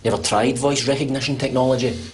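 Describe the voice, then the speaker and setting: An actor with a Scottish accent playing a loud, sarcastic man in a voice-controlled lift in a comedy sketch. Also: mid-range voice, fairly even intonation, fast, close to an everyday voice.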